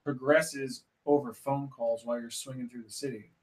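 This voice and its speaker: A man's voice: mid-range voice, steady tone, normal speed, a crowd in the background. A man co-hosting a casual podcast, dropping wry jokes and short remarks. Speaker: podcast co-host.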